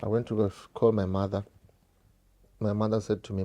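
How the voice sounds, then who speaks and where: A man's voice: on the low side, level tone, a little fast, mellow. A South African man telling a painful personal story straight to his viewers, repeating phrases and calling them guys. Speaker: vlogger.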